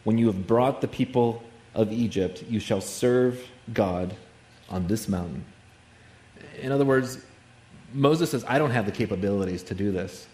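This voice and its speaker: A man's voice: fairly low pitch, moderate pace, dark tone, echoey room. A man preaching a sermon in a conversational way, with many asides and fillers. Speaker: pastor.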